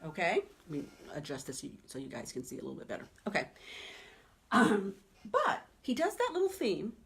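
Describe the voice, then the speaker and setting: Woman, piano teacher, lowish voice, chatty webinar delivery with lots of "okay?" and "right?". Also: wildly swooping pitch, fairly quick, gravelly. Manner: chatty, emphatic, keeps asking "okay?" and "right?".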